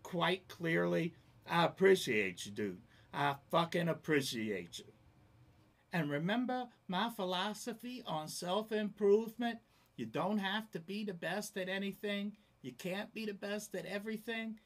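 A laid-back man hosting his own casual review vlog, rambling to the camera with plenty of fillers. His voice sits a little high for a man. He takes his time and drawls through each thought. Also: expressive, unhurried, fairly bright tone. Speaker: YouTube channel host.

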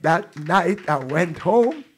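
A man's voice: sits high, lively intonation, slow pace, husky. An older man preacher giving a fervent testimony sermon in a church, with repeated exclamations. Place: church sanctuary.

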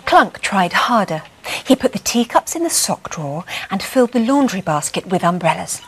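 A woman reading a bedtime story aloud in a gentle, expressive way. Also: mid-range voice, moderate pace, noisy background.

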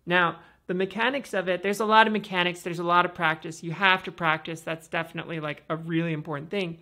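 A woman hosting a podcast, explaining voice practice in a casual, instructive way with many fillers and a pitch that moves up and down. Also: steady tone, quick pace, sharp tone. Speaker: podcast host and voice coach.

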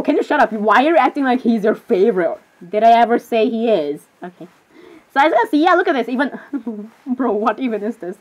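A young woman chatting casually to her viewers while browsing pictures, giggling often and breaking into excited exclamations. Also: on the high side, rough recording. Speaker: video creator.

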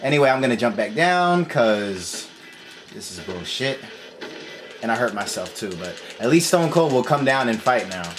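Gamer man, casual let's-play talk, cursing in constant frustration, loud game music underneath. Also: mid-range voice, big pitch swings, normal speed. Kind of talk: casual gameplay commentary.

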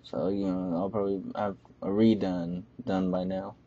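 A man's voice: low voice, little pitch movement, normal speed, few pauses, dark tone, breathy edge. A man doing casual gameplay commentary, playful, talking to the enemies in the game, recorded on a webcam microphone. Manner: playful, chants repeated words while playing. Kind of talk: casual let's-play commentary. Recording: dull lo-fi webcam mic.

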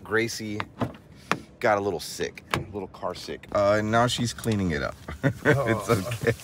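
A man's voice: on the low side, moderate pace, very noisy. A man hosting a casual farm vlog, chatty and laughing often, cooing at his animals. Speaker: vlog host. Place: outdoors on a farm.

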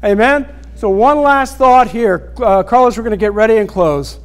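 A man's voice: high voice, clear, resonant tone. A male pastor preaching a sermon, acting out scripture scenes and calling out to the congregation for responses. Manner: preaching with call-and-response asides; acts out scripture scenes in quick bursts.

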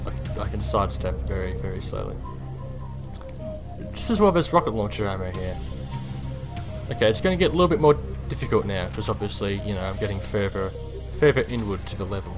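A man's voice: fairly low pitch, brisk, music in the background. A man giving let's-play commentary on a game, talking to himself and his viewers, and yelping and swearing whenever something startles him. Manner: excitable, yelps and swears when startled. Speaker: gameplay commentator.

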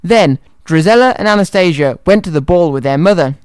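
Cheerful radio guy reading a kids' story, bit higher voice, close studio mic. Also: expressive, fairly quick, darkish tone, clear, resonant tone, dry recording. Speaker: radio presenter. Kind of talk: children's radio show, reading a story aloud. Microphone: studio microphone.

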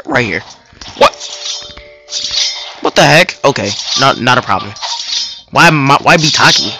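Young male gaming host, excitable slang trash talk, animated delivery, loud game music underneath. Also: medium pitch, slow pace, pauses often, rough recording. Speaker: gaming YouTuber. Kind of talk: casual gameplay commentary.

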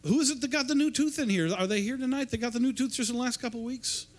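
High-voiced preacher, rambling. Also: male voice, very fast. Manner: rambling, repeats and restarts words. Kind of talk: informal sermon. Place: church service.

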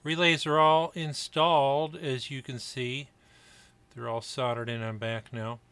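Middle-aged guy from upstate New York, bright voice, talks his way through a kit build and wanders off into asides. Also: medium pitch, level tone, measured pace, clear, resonant tone. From Buffalo, New York area, US. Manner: chatty, rambling asides with fillers. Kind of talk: casual workbench narration.

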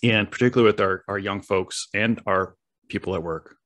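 A middle-aged man hosting a podcast, talking in a reflective and halting way as he searches for his words. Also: fairly low pitch, fairly bright tone. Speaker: podcast host. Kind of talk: reflective conversational interview.

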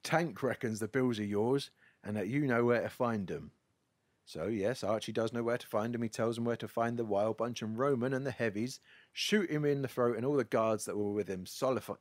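A podcast host recaps a film's plot with dry wit, telling it like a casual story. His voice is fairly low, his pace normal, and there's no echo.

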